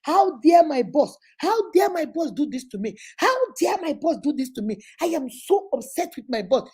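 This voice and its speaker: Short-tempered complaining husband, raised pitch, played by a woman. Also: big pitch swings, moderate pace, darkish tone. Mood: indignant. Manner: indignant, complaining. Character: grumbling, easily angered husband.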